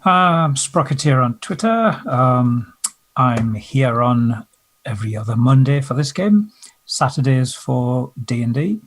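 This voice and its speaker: A man's voice: mid-range voice, lively intonation, slow. A man who plays tabletop games online, telling viewers casually where to find him. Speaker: player. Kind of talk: casual chat.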